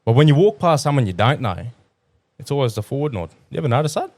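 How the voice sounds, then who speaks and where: A mid-range male voice, fast and with no room sound, belongs to an Australian tradesman co-hosting a casual podcast. He's an animated storyteller, crude and swearing constantly as he spins his stories.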